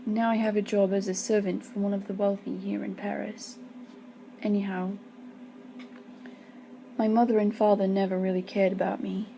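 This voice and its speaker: A woman's voice: little pitch movement, normal speed, creaky, pauses often, noisy background, lightly acted. A woman voicing a young man, a lonely servant who speaks with bitter resignation in a read-aloud story. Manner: low, bitter, resigned telling.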